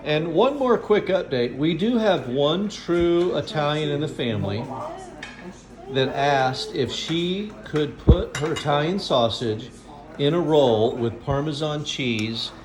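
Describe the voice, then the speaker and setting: An older man with a fairly high, lively voice narrates a casual holiday home video from his kitchen, taking his time. He's chatty and proudly playful about his cooking, with frying sizzling and crowd noise in the background.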